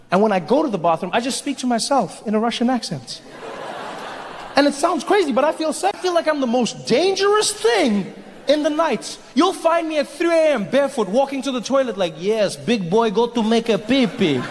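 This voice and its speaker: A man performing a stand-up comedy set, animated, conversational and playful. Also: extremely high pitch. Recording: hall reverb, faint noise.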